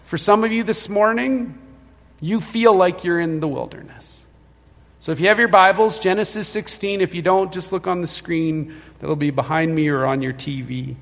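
A man with a voice that sits high delivers a sermon as pastor in a church sanctuary, speaking at normal speed with fairly even intonation. He tells the story and performs the quoted lines, all under a long church reverb.

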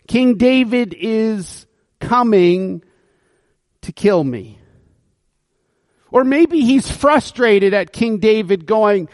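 A pastor delivers his sermon in a high, bright-edged voice, taking his time over every phrase. He tells the story vividly and acts out the figures' lines himself. The sound is close and dry, with no room echo. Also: expressive, takes it slowly, pauses often.

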